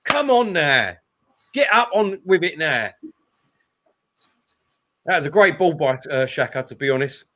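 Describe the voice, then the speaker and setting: A man hosting a live football watchalong, calling the play and getting loud at big chances. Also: a little high, a little slow, long pauses. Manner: excitable, shouts at big chances. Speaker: watchalong host.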